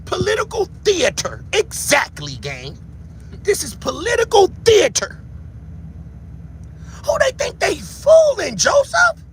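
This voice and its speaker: A man with a strikingly high, bright voice hosts a livestream, calling out the footage he is watching. His delivery swings up and down in pitch as he shouts, swears and laughs along. There is faint background noise under him. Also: takes it slowly, gravelly. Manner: loud, profane, laughing, excitable. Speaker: livestream host. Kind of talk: livestream reaction commentary.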